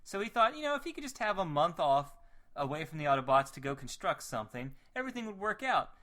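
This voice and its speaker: A man's voice: a little high, sing-song, fast talker, pushed and bright. A man hosting a casual podcast chat, joking and rambling with chuckling asides. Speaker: podcast host. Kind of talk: casual chat reviewing a coloring book.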